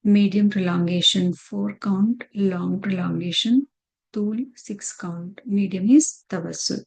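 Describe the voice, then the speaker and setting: A woman's voice: medium pitch, fairly even intonation, slow, creaky, darkish tone, low-quality recording. A woman teaching a recitation lesson over slides, patiently repeating terms and counts.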